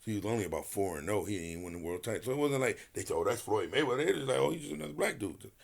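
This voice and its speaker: A man's voice: on the low side, rapid-fire. A man, a retired boxer and podcast guest, telling a story in casual, profane talk and acting out each person's lines. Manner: animated storyteller acting out quotes, profane, laughing.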